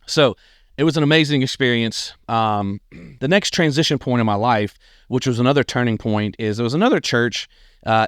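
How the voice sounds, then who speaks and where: A man, telling his own life story on a podcast in an earnest, animated way. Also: medium pitch, clean tone, no room sound, clean studio sound. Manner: earnest, animated, acts out quoted people. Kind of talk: casual personal storytelling.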